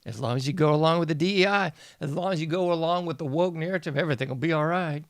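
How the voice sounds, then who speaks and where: A man's voice: a little high, fast, no echo, clean studio sound. Sarcastic man hosting commentary. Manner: mocking, sarcastic, laughs often. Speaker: podcast host. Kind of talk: casual sarcastic news commentary.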